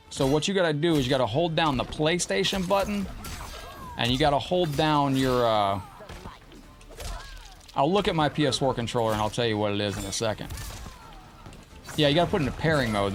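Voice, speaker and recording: A man streaming a fighting game live, commenting on the match and chatting casually with viewers in the chat. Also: medium pitch.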